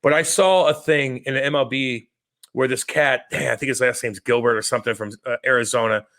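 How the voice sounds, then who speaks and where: Profane, animated man telling stories. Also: mid-range voice, fairly quick. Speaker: podcast co-host. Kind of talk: casual chat.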